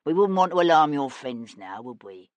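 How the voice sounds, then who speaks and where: A woman voicing a man who threatens in a low, rough, hushed voice. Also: animated, moderate pace, dry recording, heavily acted. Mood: menacing.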